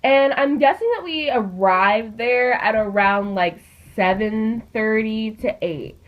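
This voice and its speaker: A teenage girl telling a story in a casual, chatty way, with lots of fillers and an animated delivery. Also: on the high side, slow. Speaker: vlogger. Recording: dull lo-fi recording.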